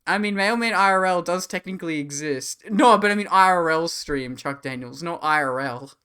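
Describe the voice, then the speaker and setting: A man's voice: a little high, animated, normal speed, sharp tone, clear, resonant tone. A man, chatting casually and rambling on a live stream while reading chat.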